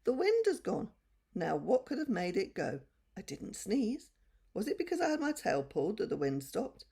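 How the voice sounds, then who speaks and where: A woman puts on a boastful male donkey from a children's storybook, high-pitched and loud when he brags. He has a slightly gravelly edge. Underneath, he is a meek, easily frightened creature. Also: huge pitch swings, moderate pace, exaggerated voice. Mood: worried.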